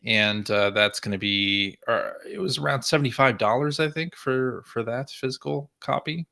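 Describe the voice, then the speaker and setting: A man co-hosting a podcast in casual chat, relaxed and laughing as he talks. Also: mid-range voice, moderate pace, creaky. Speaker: podcast co-host.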